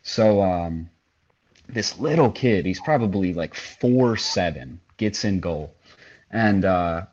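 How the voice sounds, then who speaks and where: A man's voice: low voice, lively intonation, takes it slowly, a little mellow, lo-fi sound. A young man on a podcast, casually telling a long story with lots of "like" and "you know". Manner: storytelling, heavy filler words. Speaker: podcast co-host. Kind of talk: casual chat.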